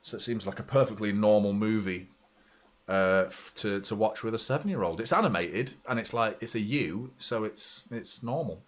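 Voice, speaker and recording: A British watchalong host in his thirties talks at a moderate pace in a lowish voice while reacting to a live football match and chatting with viewers. His manner is blunt and sweary, turning excitable as the play gets tense.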